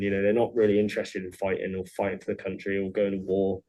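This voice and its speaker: A man's voice: fairly low pitch, quick pace, rough recording. A man, a former soldier, telling war stories bluntly and with plenty of swearing in a casual interview. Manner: blunt and profane, animated when quoting others.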